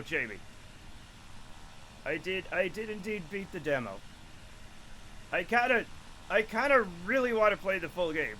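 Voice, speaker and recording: A man in his late forties rambles through a casual live stream, swearing freely and poking fun at himself. His voice sits high for a man and jumps around constantly, with a faint hiss of noise underneath. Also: lively intonation, moderate pace, long pauses, sharp tone, rough recording. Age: late 40s. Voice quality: rambling, profane, self-mocking.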